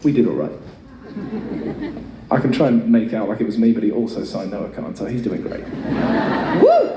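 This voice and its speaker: A man's voice: lowish voice, lively intonation, moderate pace, a loud crowd, very noisy. A man in his thirties telling a chatty, self-mocking story on stage between songs, swearing freely, to a concert audience. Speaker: singer performing live. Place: large concert venue, in front of an audience. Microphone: stage mic through a PA. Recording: echoey, distant audience recording with loud ambience.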